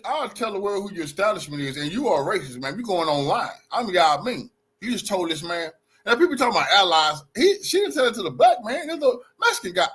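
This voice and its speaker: A high-pitched, husky man livestreaming on his phone from a bar. He talks in an agitated, repetitive way, full of profanity and street slang, circling back to the same point again and again. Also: fairly bright tone. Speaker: livestreaming vlogger. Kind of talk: heated livestream confrontation and recap. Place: in and around a bar.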